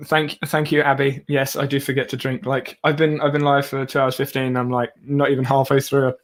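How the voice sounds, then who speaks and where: A man's voice: medium pitch, little pitch movement, moderate pace. A young man in his twenties with a southeast English accent, chatting casually as host of a live stream, laughing often. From southeast England. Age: 20s.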